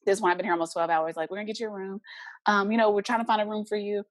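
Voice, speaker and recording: Woman guest rattling off her story quick, doing everybody's voices, dry close sound. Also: mid-range voice, no room sound. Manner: animated, acts out the voices of people in her story. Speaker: interview guest. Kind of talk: casual storytelling in an interview.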